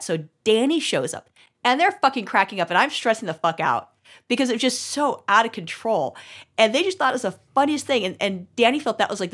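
A woman's voice: medium pitch, a bit bright, husky. A woman co-hosting a podcast, telling rambling, profane stories in casual chat with frequent restarts. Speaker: podcast co-host.

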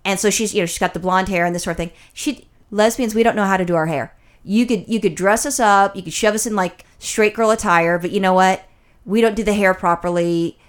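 A woman's voice: mid-range voice, a little fast, clear, resonant tone. A middle-aged woman, chatty and profane, telling stories in a casual chat as a podcast host. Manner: chatty, profane storytelling with mimicry.

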